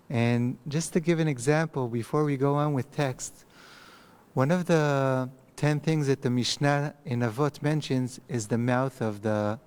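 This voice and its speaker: A man's voice: mid-range voice, a little mellow, clear, resonant tone. Conversational man teaching a text. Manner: thoughtful, conversational, with pauses and restarts. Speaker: rabbi teaching a text class. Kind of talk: recorded online lecture. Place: empty study hall. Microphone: microphone.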